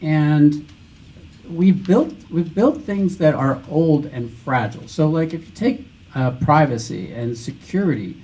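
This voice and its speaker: Mellow, animated man answering on a panel. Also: on the high side, measured pace, highs cut off. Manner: thoughtful, restarts sentences. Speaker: panel speaker.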